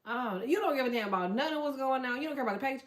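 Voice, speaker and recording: A woman hosting a casual livestream, telling stories in a loud, profane, animated way and reading out chat comments. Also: sits high, very fast, roomy sound. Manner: profane, animated storytelling with quoted voices.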